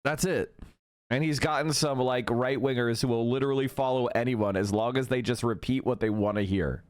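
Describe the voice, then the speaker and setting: A man's voice: mid-range voice, steady tone, moderate pace. A man mocking a politician's claims in profane, incredulous streamer commentary. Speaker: streamer reacting to clip.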